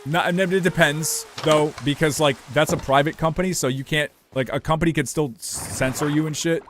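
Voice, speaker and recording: A man's voice: fairly high pitch, steady tone, a little fast, slight background noise. A young man from the United States, a streamer rambling casually to his chat while gaming, loose and profane.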